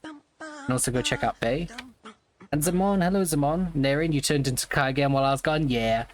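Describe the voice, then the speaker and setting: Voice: medium pitch, sing-song, brisk, dry recording. A live streamer in casual chat, rambling and greeting viewers by name.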